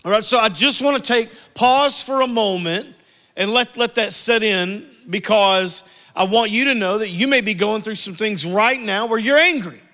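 A man's voice: high-pitched, moderate pace, sharp tone, long reverb tail. A man preaching an earnest, conversational sermon with repeated phrases.

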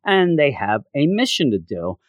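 Animated man recapping a comic. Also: on the high side, normal speed, no echo, clean studio sound. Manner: rambling, animated. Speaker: comic book reviewer. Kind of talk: casual recap.

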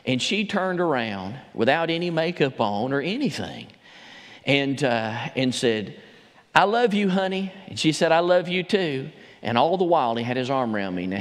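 A man preaching a sermon as pastor. He tells a story, then builds to emphatic preaching. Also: mid-range voice. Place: church sanctuary. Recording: long hall reverb.

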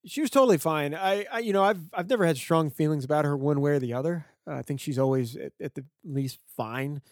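A man co-hosting a movie podcast, chatting casually about films with relaxed, filler-heavy talk. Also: fairly high pitch, fast, dry recording, studio quality. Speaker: podcast co-host. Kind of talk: casual film discussion.

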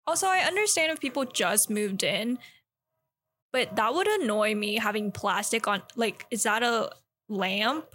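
A woman's voice: fairly high pitch, lively intonation, a little slow, fairly bright tone, husky. A young woman chatting casually with friends during a movie reaction, asking wry questions and often sounding grossed out.

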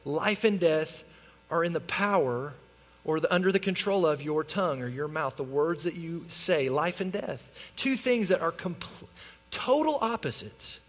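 A male pastor preaching an animated sermon in a church, acting out the lines he quotes. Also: fairly high pitch, measured pace. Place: church sanctuary. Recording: long reverb of a large hall.

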